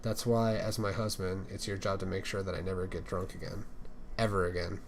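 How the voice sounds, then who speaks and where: A man reading the lines of a shy, earnest young male skater in a fan fiction, in a soft, gentle way. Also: low voice, little pitch movement, fairly quick, vocal fry, a little hiss or hum.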